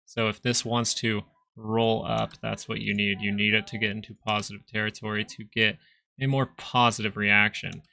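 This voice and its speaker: A man's voice: fairly low pitch, little pitch movement, normal speed, creaky, bright, forceful tone. A young man hosting a live stock market stream, chatting casually and reading viewer comments aloud. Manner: chatty, rambling, reads chat aloud. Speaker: stock market livestream host.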